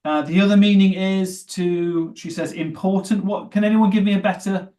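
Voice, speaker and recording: A man with a fairly high voice leads an English vocabulary class. He quizzes his students and encourages their answers. His manner is that of a teacher at work. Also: fairly even intonation, normal speed, mellow. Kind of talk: live online class.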